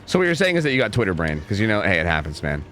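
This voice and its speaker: A man's voice: lowish voice, big pitch swings, racing, a bit bright, soft background music. Rambling young male game streamer. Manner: rambling, lots of filler "like", swears when frustrated. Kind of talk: casual live gameplay commentary. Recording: clear background noise under the voice.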